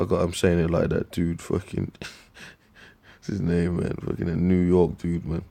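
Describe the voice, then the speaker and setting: A man preaching scripture in a profane, scornful rant, with slang, repeated words and sudden loud outbursts. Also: low voice, completely flat delivery, moderate pace, gravelly. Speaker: street preacher.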